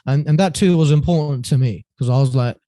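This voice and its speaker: A man as a podcast guest, telling his story in a relaxed way with many fillers and self-corrections. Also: mid-range voice, a little fast, no room sound. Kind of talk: casual storytelling interview.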